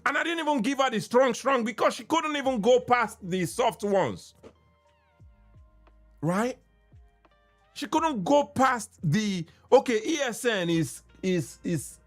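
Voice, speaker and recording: A man with a Nigerian accent, hosting a podcast in impassioned solo commentary, ranting and repeating himself as he mixes in Pidgin. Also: sits high. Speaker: podcast host.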